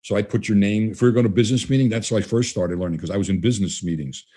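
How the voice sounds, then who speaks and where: A man's voice: fairly low pitch, racing, warm tone, breathy edge. An older man, a guest trainer, talking casually in an interview and acting out the dialogue he quotes in his stories. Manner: conversational, acts out quoted dialogue.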